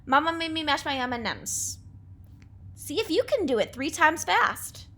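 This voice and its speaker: High-voiced woman teaching a class. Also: big pitch swings, normal speed, pushed and bright. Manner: clear, patient, encouraging teacher delivery. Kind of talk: remote class lesson.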